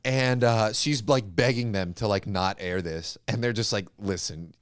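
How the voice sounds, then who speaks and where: A man telling a long story in casual chat, deadpan, breaking into laughs. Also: fairly low pitch, moderate pace, clean tone, no room sound, studio quality.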